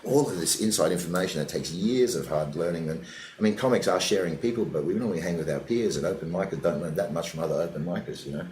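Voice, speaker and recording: Super deep aussie guy, older, comedian spinning stories in an interview, echoey room. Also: fast talker, slight background noise. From Australia. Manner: animated anecdotes, drops to a low mutter. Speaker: comedian guest. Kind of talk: casual interview storytelling. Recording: echoey room with faint ambience.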